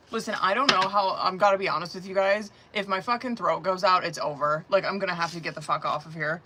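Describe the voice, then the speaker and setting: A woman with a sore throat gives tarot readings on a live stream. She speaks softly in loose, profane slang and laughs often. Steady background noise runs under her voice. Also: on the low side, fast talker. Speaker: tarot reader. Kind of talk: casual live-stream chat.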